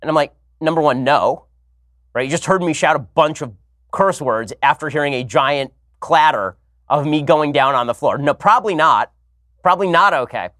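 A man hosting a commentary show, telling stories in a casual, animated way with sarcastic asides. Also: fairly high pitch, normal speed, dry recording, studio quality. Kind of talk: casual comedic monologue.

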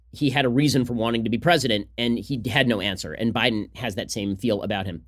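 A man hosting a political podcast, talking fast in a combative, sarcastic solo commentary. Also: medium pitch.

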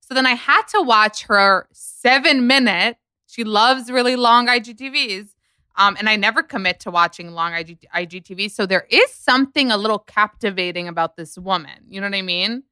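A woman hosting a podcast in casual chat, talking in a chatty, emphatic way with quick asides. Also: mid-range voice, sharp tone, clear, resonant tone, no room sound. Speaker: podcast host.

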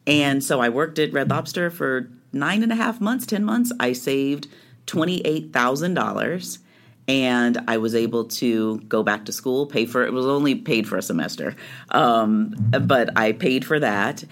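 Animated woman telling her life story. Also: rumbling low, unhurried. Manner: animated storytelling, acting out quoted lines. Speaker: guest. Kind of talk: conversational interview storytelling.

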